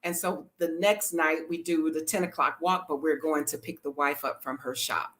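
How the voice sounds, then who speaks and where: Bright-voiced woman telling a story. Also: low-pitched, moderate pace. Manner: animated storyteller, laughs often, talks to viewers as y'all. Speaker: travel vlogger. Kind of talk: casual storytelling vlog.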